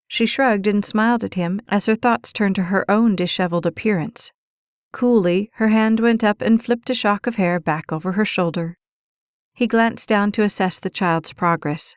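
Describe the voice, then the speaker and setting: A woman narrates a romance audiobook in a measured, expressive way, at a middle pitch. The recording is close and dry, with no room sound. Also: clean tone, dry recording.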